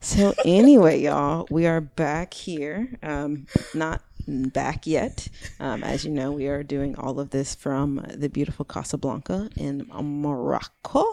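Low gravelly woman co-hosting a podcast. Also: slow, hardly any pauses, warm tone, dry recording. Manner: playful, teasing, laughs often. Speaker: podcast co-host. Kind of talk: casual chat.

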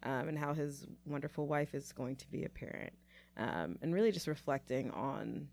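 A woman's voice: rumbling low, animated, moderate pace, gravelly, a little mellow. A woman co-hosting a podcast, playful and joking, talking casually with many fillers. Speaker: podcast co-host.

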